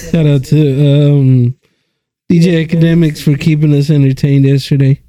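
Dark-voiced joking man, laughing a lot. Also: on the high side, fairly even intonation, a little slow, no room sound. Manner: joking, laughs often, swears. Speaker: podcast co-host. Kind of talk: casual chat.

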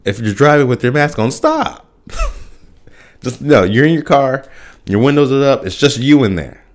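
A man's voice: mid-range voice, a little fast. A man hosting a podcast alone, rambling through a casual rant with lots of fillers, restarts and little laughs at himself. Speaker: podcast host.

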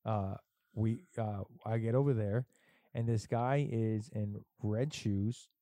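A man's voice: on the low side, steady tone, slow pace, mellow, no room sound. A middle-aged man telling stories in casual, profane chat, as a podcast host. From Puerto Rico heritage. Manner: profane, storytelling, emphatic.

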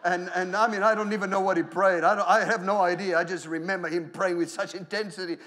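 High-voiced Australian pastor preaching. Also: male voice, quick pace. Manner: animated storytelling with laughs and shouted hallelujahs. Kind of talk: sermon.

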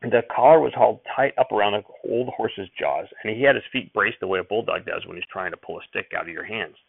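A man narrating a first-person audiobook chapter in steady storytelling, recorded with tinny phone-like sound. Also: fairly low pitch, quick pace, creaky, slightly rough, no echo.

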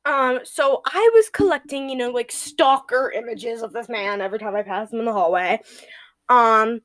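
A teenage girl with a high, bright voice chats on her own podcast. She gushes and giggles at her own jokes, keeping the talk loose and rambling. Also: moderate pace. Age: teens. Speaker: podcast host. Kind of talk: casual solo podcast chat.

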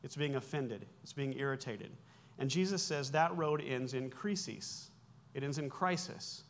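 A pastor in his forties delivers a sermon at a somewhat slow pace, his voice sitting at a medium pitch. He explains Greek words conversationally, correcting himself and dropping wry asides.

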